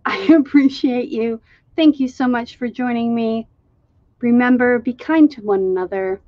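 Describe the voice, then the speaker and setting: A woman from Minnesota with a Minnesotan accent, chatting excitedly on her art live stream and calling everyone dude. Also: a little high, measured pace, dry recording, highs cut off. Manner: chatty, excitable, says dude and y'all often. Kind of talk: casual live stream chat.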